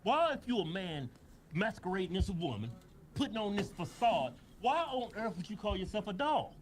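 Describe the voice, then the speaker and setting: Excitable high-voiced man bantering. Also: normal speed, slight background noise. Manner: excitable, emphatic, laughs loudly. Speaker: co-host. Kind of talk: casual banter.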